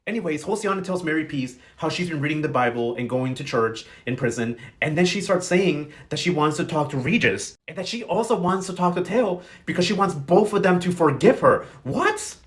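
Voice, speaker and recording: Man, soap recap vlogger, gossipy, sassy, rapid delivery, slightly high voice. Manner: gossipy, animated, acts out characters with quoted voices. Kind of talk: casual recap commentary.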